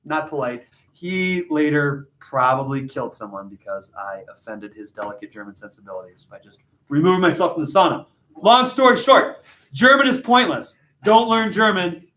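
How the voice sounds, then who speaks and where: A man leads his literature class with a slightly high voice. He is animated and jokey and pokes fun at himself. The classroom gives his voice a strong echo. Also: normal speed. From United States. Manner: jokey, animated, self-deprecating. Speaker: high school literature teacher. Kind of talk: classroom discussion and storytelling.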